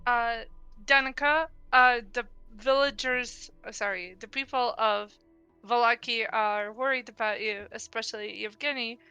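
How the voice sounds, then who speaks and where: Slow, bright-voiced woman player. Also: a little high, fairly even intonation, smooth, faint music behind. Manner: slow, hesitant with many uhs. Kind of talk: casual tabletop play.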